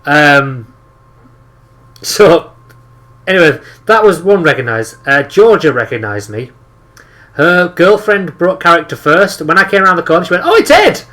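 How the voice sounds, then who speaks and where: A young man with a Teesside accent chats casually on a podcast, spinning sweary stories. His voice is bright and a touch high, and he swears freely. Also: animated, measured pace, pauses often. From northeast England. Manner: swears often, tells anecdotes with acted-out quotes. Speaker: podcast co-host. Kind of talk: casual chat.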